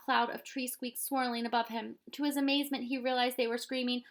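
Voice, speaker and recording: A woman reading a children's storybook aloud with expressive narration. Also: a little high, fairly quick, few pauses. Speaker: reader.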